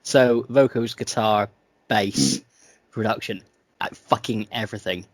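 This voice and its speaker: A man's voice: lowish voice, measured pace, no echo. Joking young Welsh man on a podcast. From Wales. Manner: joking, laughs often. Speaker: podcast co-host. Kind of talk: casual chat.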